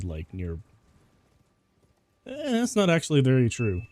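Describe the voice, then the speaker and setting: A man's voice: medium pitch, warm tone, no room sound. A man giving casual gameplay commentary as a VTuber, rambling and laughing often at himself.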